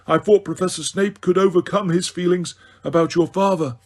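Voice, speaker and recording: A man's voice: high-pitched, fairly even intonation, pitched above the performer's own voice. A man voicing a grave, weary old wizard. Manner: measured, grave, gentle. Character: wise, weary old male headmaster wizard. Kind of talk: audiobook character reading.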